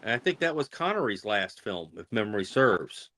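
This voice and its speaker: A man's voice: fairly low pitch, very animated, normal speed, fairly bright tone. A man in a casual chat among comedians, giving rambling, opinionated takes. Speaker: comedian guest.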